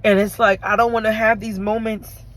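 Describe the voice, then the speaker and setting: Tearful woman vlogger, heartfelt and halting, talking straight to camera in a mid-range voice. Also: medium pitch, flat delivery, rough recording. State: tearful from crying. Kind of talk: emotional confessional vlog.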